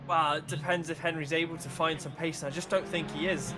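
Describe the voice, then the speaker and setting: A high-voiced man co-commentates an online race, working through gaps and overtaking chances. Music and car engine sounds run clearly behind him. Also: steady tone, brisk. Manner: analytical, talks through gaps and tactics. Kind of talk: sim racing commentary.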